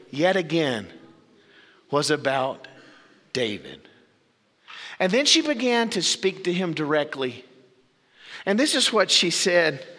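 A man preaching a sermon as pastor, with dramatic pauses and sudden drops to low, quiet phrases. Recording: long reverb of a big hall.

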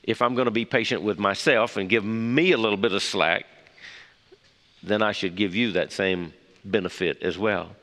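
Halting folksy man in a reverberant hall. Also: fairly low pitch, fairly even intonation, a bit bright. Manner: folksy, halting, many fillers and restarts. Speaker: Bible study teacher. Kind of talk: morning devotional talk with prayer.

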